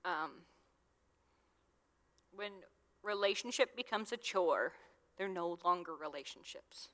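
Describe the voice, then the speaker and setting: A young woman gives a relaxed, chatty sermon, talking to a youth group like friends. Her voice sits on the low side, and a long hall reverb trails after her words. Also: slow pace. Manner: chatty, conversational, with many fillers. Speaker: youth minister. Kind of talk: casual sermon.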